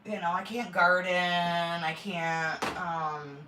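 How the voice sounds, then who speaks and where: A woman's voice: fairly low pitch, fairly even intonation, slow pace. A middle-aged woman, hosting a casual livestream from her kitchen and chatting bluntly with viewers. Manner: chatty and blunt, swears, greets viewers by name. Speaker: homestead channel host. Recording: echoey room, distant mic, faint noise.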